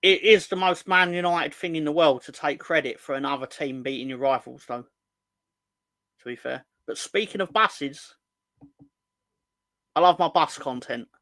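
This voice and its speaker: A man's voice: on the high side, unhurried, long pauses, bright, forceful tone, no room sound. Joking man hosting a fan livestream. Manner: joking, rambling, teasing the chat. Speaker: football fan show host. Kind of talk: casual livestream chat reading viewer comments.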